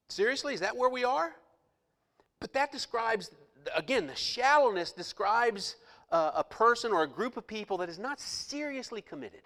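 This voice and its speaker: Male pastor, sermon, high bright voice, impassioned, loud outbursts and hushed asides, echoey hall. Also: lively intonation, moderate pace.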